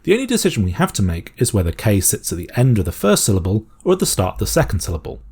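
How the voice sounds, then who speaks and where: Man, from Britain, language tutorial narrator, methodical, low-pitched. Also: quick pace, husky. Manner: calm, methodical, step-by-step. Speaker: language teacher.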